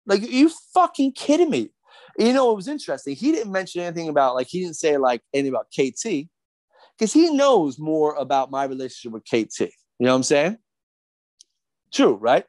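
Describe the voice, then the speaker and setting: A man's voice: fairly high pitch, darkish tone, no room sound. Middle-aged guy going off on a podcast, swearing nonstop, voice jumps all over, super dry studio mic. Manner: profane, fired up, repetitive fillers. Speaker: podcast guest, skateboarder. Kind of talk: heated podcast rant.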